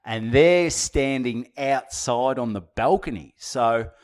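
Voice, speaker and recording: A man's voice: medium pitch, takes it slowly. An Australian man who does stand-up tells a story in loose, casual conversation. He rambles, restarts his sentences and swears freely. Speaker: stand-up comedian.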